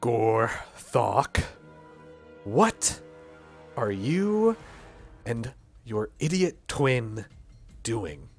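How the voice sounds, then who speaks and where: A man's voice: medium pitch, very animated, drawn-out words, long pauses, faint music behind, full character voice. A man voicing a huge, fierce giantess who scolds her brothers like an exasperated older sister. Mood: scolding.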